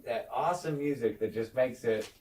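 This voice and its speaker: A man's voice: medium pitch, moderate pace, darkish tone, far from the mic. Guy casually recapping an episode, quotes the characters, swears a bit, echoey room, sits back from the mic. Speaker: podcast co-host.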